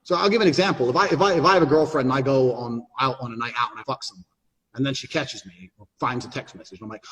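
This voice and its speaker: A man's voice: fairly high pitch, sing-song, quick pace. A man talking bluntly and emphatically as a podcast guest, swearing freely. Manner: brash, profane, emphatic. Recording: roomy echo.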